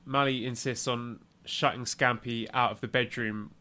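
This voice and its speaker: A man co-hosting a podcast, chatting in a relaxed way and telling fond home stories. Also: mid-range voice, moderate pace. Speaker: podcast co-host. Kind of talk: casual chat.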